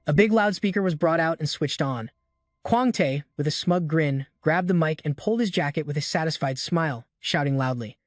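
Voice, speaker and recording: A man narrating a story recap in a steady, even storytelling manner. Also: on the high side, moderate pace, dry recording, clean studio sound. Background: faint music.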